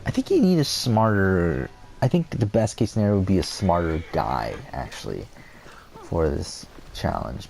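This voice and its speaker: A man's voice: deep voice, creaky, dark tone, a little hiss or hum. A man giving casual, rambling gameplay commentary, full of fillers and restarts, cursing when things go wrong. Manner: rambling, many fillers and restarts, swears at the game.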